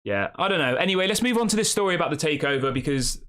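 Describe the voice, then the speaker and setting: A man's voice: fairly high pitch, lively intonation, rapid-fire, a bit bright. A man hosting a fan channel live stream, rambling casually and reacting to the chat with rhetorical questions.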